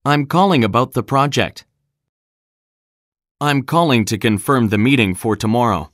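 A man reading example sentences one by one in a clear, deliberate scripted style, recorded in a studio. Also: medium pitch, fairly bright tone, no echo. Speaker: English phrase reader.

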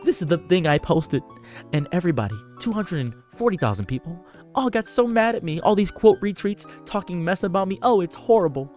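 A man's voice: animated, brisk, a little mellow. Sarcastic lecturing man, faint music. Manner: sarcastic, lecturing, mocks people with exaggerated high voices. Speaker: commentary channel host. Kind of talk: preachy dating-advice commentary.

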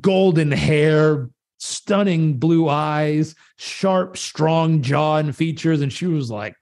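A man as a guest on a live video chat, talking about coaching in a lively, storytelling way and acting out voices in his quotes. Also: on the high side, slow. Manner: animated storyteller who acts out voices in quotes. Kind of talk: conversational coaching talk. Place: live social media video conversation.

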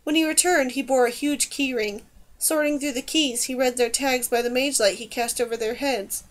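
Woman audiobook narrator, measured and even, high-pitched.

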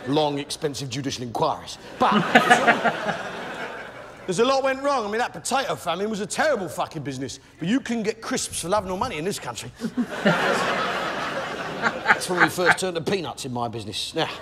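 A man's voice: high voice, very animated, normal speed, very noisy. A man doing live stand-up with blustering, mock-patriotic bravado. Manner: blustering pub-landlord bravado. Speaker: stand-up comedian. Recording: loud crowd laughter, live venue.

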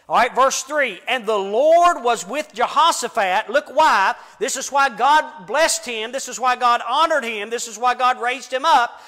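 A middle-aged man preaches with fervor, hammering his points through repetition. His voice sits very high and rings bright and forceful. The sound carries a long reverb from a church hall. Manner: fervent, emphatic, repetitive. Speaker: pastor. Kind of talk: Bible class preaching.

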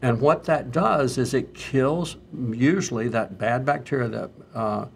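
A middle-aged male physician in a conversational health talk, telling stories and turning animated when he quotes others. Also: mid-range voice, unhurried, gravelly, slight background noise. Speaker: physician host.

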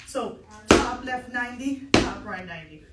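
A woman's voice: a little high, animated, normal speed, roomy sound, over loud music. A woman instructor leading an online step dance lesson, counting out beats and encouraging her students, a little out of breath, in a dance studio. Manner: upbeat and encouraging, counts aloud.

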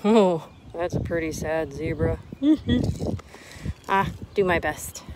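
A woman, teaching preschoolers a letter lesson outdoors in a sing-song, animated way. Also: sits low, takes it slowly. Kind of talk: children's lesson to camera. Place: outdoors in a yard with a lawnmower nearby. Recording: outdoor noise, lawnmower behind.

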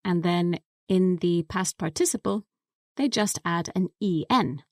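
A woman co-hosts an English lesson podcast and speaks unhurriedly, walking through each word step by step. Her voice sits on the lower side and the recording is dry and close. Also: measured pace, a little mellow, no room sound. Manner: patient, explains words step by step. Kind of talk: slow, clear teaching explanation.

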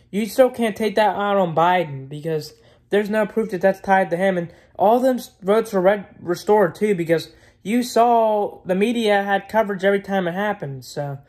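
A man's voice: sits high, a little mellow. A man vlogging in a casual, rambling rant, blunt and opinionated, repeating himself and swearing freely.

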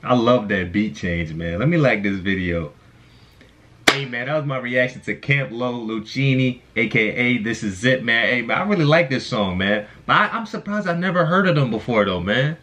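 A young man talks through his reaction in an easygoing, slangy way, often tagging "man" onto the end of his sentences. His voice sits at an ordinary middle pitch, and he sounds unhurried and friendly toward his viewers. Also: lively intonation, fairly bright tone. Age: young adult. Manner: laid-back slang, ends many phrases with "man". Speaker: music reaction video host. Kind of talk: casual chat.

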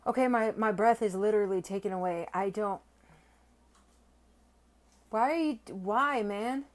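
A young woman talking straight to her viewers in a casual unboxing vlog. She gushes with excitement, stammers when she is overwhelmed and lets the odd swear word slip. Her voice sits at an ordinary middle pitch for a woman. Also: unhurried. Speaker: silver-stacking vlogger.

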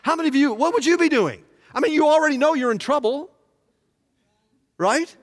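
A man's voice: extremely high pitch, fairly quick, big-room sound. A man teaching a church Bible study, asking the room questions as he goes. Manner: animated, asks the room questions. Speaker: pastor.

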